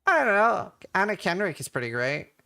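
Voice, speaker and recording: A man from Norway chats loosely through a live stream, answering his chat aloud. His voice sits a bit high and rings bright and forceful, with casual swearing. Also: sing-song, a little fast, vocal fry. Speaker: game streamer.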